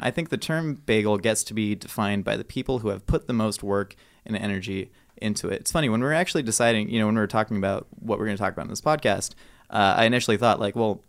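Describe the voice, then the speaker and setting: A man's voice: lowish voice, fast talker, gravelly. A man arguing his side on a casual podcast, rambling and jokey with mock-earnest asides. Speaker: podcast co-host debater.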